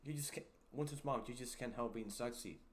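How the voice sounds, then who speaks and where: A man hosting a livestream, chatting casually and teasing his viewers in a rambling, halting way. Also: mid-range voice. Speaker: livestream host. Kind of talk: casual livestream chat, reading viewer comments.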